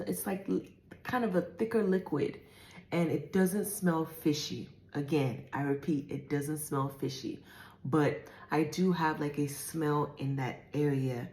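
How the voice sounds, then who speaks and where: A woman in her forties talks through her pregnancy symptoms in a candid, rambling way, full of fillers and restarts. Her voice sits low, and she sometimes sounds slightly out of breath. The room around her is echoey. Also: a little mellow. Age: 40s. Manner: chatty and candid, with many fillers and self-corrections. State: often out of breath. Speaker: vlogger. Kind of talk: casual pregnancy update vlog.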